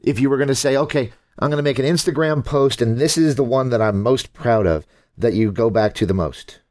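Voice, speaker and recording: A man's voice: mid-range voice, no room sound, studio quality. A man hosting a casual interview, talking easily like a fan and chiming in with short affirmations. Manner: relaxed, fan-like, quick affirmations. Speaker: interview host.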